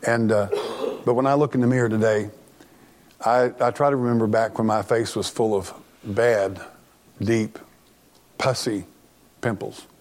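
A man's voice: on the low side, steady tone, measured pace, pauses often, a little mellow. A middle-aged man preaching a sermon as pastor, earnest and plainspoken, often restarting his sentences.

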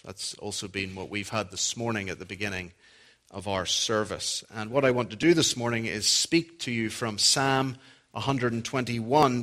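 A man with a Northern Irish accent preaching a sermon, measured and deliberate with a touch of gentle humor. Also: lowish voice. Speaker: preacher and Old Testament professor.

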